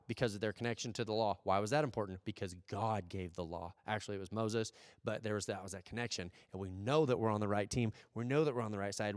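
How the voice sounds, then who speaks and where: A man's voice: fairly low pitch, clean tone. An American man preaching a conversational sermon, asking rhetorical questions and acting out little asides. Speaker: pastor. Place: church service. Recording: dry sound with long hall reverb.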